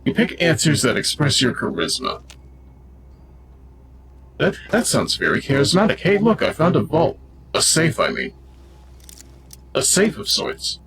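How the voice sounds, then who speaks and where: A man's voice: fairly high pitch, wildly swooping pitch, moderate pace, long pauses, a little hiss or hum. A man streaming a video game, giving casual, jokey commentary and riffing on what happens on screen. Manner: goofy and jokey, riffs on the game.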